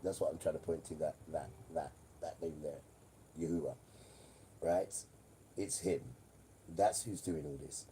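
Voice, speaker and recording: Male streamer, deep mellow voice, preachy, repetitive rambling monologue. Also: fairly even intonation, unhurried, pauses often, breathy edge. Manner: preachy, repeats himself, mocking asides. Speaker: livestreamer.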